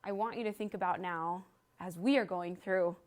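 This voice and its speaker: A woman's voice: lowish voice, fairly even intonation, moderate pace. A woman in her thirties giving an earnest talk to a live audience, telling a story and guiding them through an exercise. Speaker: speaker at a library event.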